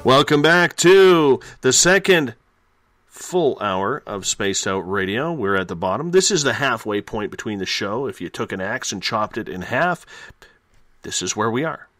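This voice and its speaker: Radio host, man, mid pitch, dry close studio sound, upbeat and chatty. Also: lively intonation, measured pace, a bit bright, dry recording, soft background music. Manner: upbeat, plugs and chats with guest. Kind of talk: live late-night radio talk. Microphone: studio microphone.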